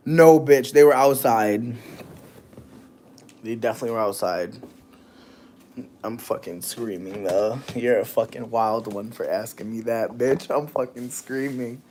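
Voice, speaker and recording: There's slight background noise as this late-night livestreamer, buzzing on weed gummies, chats casually, cursing, rambling, and breaking out in shrieks of laughter.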